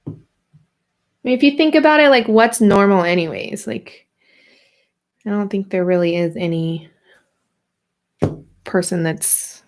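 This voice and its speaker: A woman in her thirties hosts a relaxed craft livestream, rambling and playful as she greets viewers. Her voice has a gravelly fry to it. She talks at an unhurried, slow pace. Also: medium pitch. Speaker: art journaling livestream host. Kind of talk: casual livestream craft demo.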